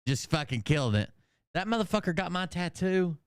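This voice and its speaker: Southern man, smooth profane streamer. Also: sits high, expressive, brisk, no echo, clean studio sound. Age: 30s. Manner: rambling, joking, heavy swearing. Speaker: livestream host. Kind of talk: casual profane livestream commentary.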